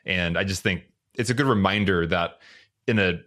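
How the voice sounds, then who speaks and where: A man's voice: sits low, moderate pace, a bit bright. A man co-hosting a podcast, speaking earnestly and reflectively in casual chat. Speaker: podcast co-host.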